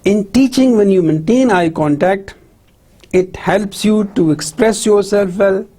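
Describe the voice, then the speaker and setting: A lecturer giving a classroom lecture on teaching skills. The lecturer keeps checking in with "right?" and "clear?" and asks questions, then answers them. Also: mid-range voice, measured pace, dark tone. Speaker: university lecturer.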